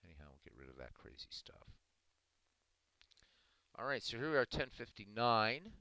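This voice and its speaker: A man hosting a livestream, chatting casually with viewers in a relaxed, rambling way. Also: medium pitch, moderate pace, no room sound, rough recording. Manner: relaxed, rambling, chuckling asides. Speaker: livestream host.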